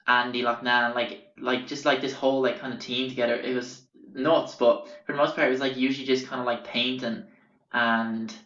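Speaking at normal speed, a young Irish man delivers casual stories on his podcast in a mid-range voice that is level, pushed, and bright. He swears, rambles, leans on fillers, and keeps correcting himself, all in a roomy, dull lo-fi recording.

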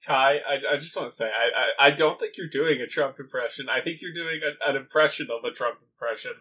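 A man's voice: medium pitch, brisk, sharp tone, husky. A man co-hosting a comedy podcast, joking around in casual chat, often laughing and swearing. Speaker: podcast co-host.

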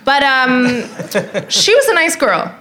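A woman comedian chatting as a guest on stage, frank and candid, telling stories with quick asides. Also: high voice, sing-song, bright, forceful tone, slight background noise. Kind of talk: casual chat. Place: live theatre stage.

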